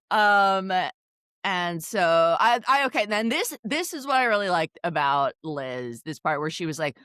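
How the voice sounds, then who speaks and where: Animated woman recapping reality TV. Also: on the low side, slow, clear, resonant tone, no room sound, studio quality. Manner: animated, laughs often, acts out quotes. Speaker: podcast co-host. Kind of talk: casual recap chat.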